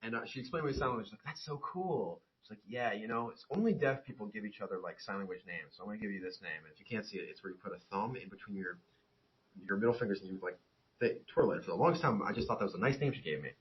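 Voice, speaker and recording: A young man co-hosting a podcast in casual chat, telling animated stories and laughing through them. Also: on the low side, very fast, slightly rough. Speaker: podcast co-host. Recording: dull lo-fi sound.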